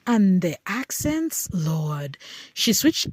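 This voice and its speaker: A woman's voice: mid-range voice, sing-song, slow, husky, no echo, studio quality. A woman narrating scripted commentary in a dramatic, emphatic way, with short punchy phrases.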